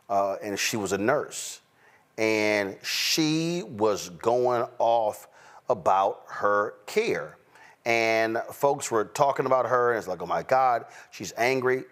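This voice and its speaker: A man hosting a live talk show, speaking conversationally and emphatically, with frequent fillers. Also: on the low side.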